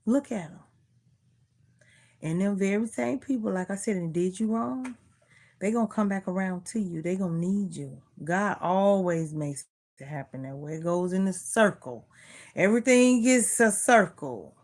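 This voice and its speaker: A woman's voice: on the low side, expressive, unhurried, a little mellow. A middle-aged woman vlogger in casual chat, earnestly preaching life advice and repeating herself.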